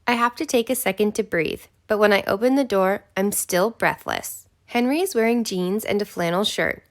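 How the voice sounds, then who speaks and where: A woman's voice: medium pitch, normal speed. A woman narrating a romance audiobook in the first person, with a breathless, intimate delivery.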